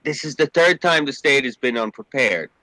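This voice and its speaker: A man with a bright, ringing voice tells a story at a relaxed pace among friends. He acts out the voices of the people in it and swears freely. The recording sounds close and dry. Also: medium pitch, normal speed, dry recording, rough recording. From New York State. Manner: animated storyteller acting out quoted voices. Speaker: podcast co-host.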